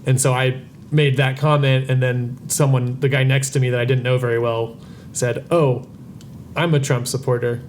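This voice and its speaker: Guy on a podcast, thinks out loud, keeps fixing what he says. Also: mid-range voice, level tone, normal speed, a little hiss or hum. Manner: reflective, self-correcting. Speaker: podcast guest. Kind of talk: casual chat.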